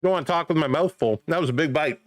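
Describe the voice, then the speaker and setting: A man casually calling football play-by-play on a live stream, chatting excitedly with viewers. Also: a little high, quick pace, dry recording.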